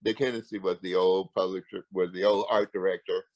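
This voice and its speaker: Older man, low voice, storytelling interview guest, acts out quoted dialogue, frequent restarts, dry recording. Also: little pitch movement, a little fast, darkish tone, no room sound, poor audio. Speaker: interview guest, martial arts grand master. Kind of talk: casual storytelling.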